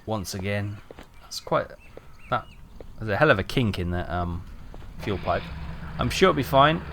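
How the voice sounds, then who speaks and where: A man's voice: fairly low pitch, lively intonation, unhurried, a bit bright, slight background noise. Chatty British man streaming a game. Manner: chatty, rambling, dry joking asides. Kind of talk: live gameplay commentary.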